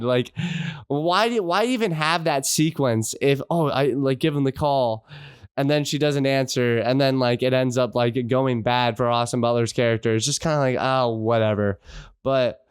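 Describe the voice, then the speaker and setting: A man's voice: medium pitch, normal speed, clear, resonant tone, no room sound, clean studio sound. A man co-hosting a podcast, rambling frustrated through a casual film review with many restarts. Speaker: podcast co-host.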